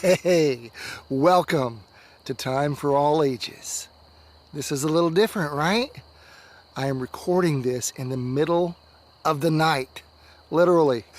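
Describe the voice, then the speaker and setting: A man, a religious education coordinator, reading a children's story aloud with expressive delivery and dips into soft whispers, recorded at home at night. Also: fairly high pitch.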